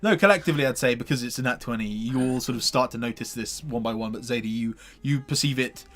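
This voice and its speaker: A man runs a tabletop game in a loose, rambling way, padding his narration with fillers and restarts. His voice sits at an ordinary middle pitch and stays easygoing throughout. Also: fast talker, a bit bright. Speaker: game master.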